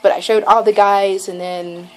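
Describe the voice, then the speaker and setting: A young woman vlogging, telling a rambling, excited story full of "like" and quoted lines. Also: medium pitch, normal speed, slight background noise, rough recording. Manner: gushing, rambling, lots of "like" and acted quotes. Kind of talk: casual storytelling vlog.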